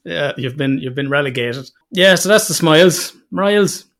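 An Irish man hosting a relaxed, laughing chat. He tells stories, drops swear words freely and slips into voices for the people he quotes. His delivery stays loose and chatty. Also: fairly high pitch, moderate pace, gravelly. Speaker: podcast host. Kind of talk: casual chat.

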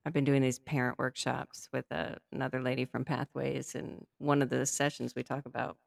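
A woman's voice: very deep voice, flat delivery, normal speed, creaky, no room sound, studio quality. A woman hosting a podcast, talking in a chatty way with light laughter. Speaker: podcast host. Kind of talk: casual podcast conversation.

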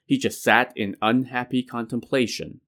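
A man's voice: medium pitch, fairly even intonation, moderate pace, fairly bright tone. Male storyteller reading a classic tale. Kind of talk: narrating a classic novel.

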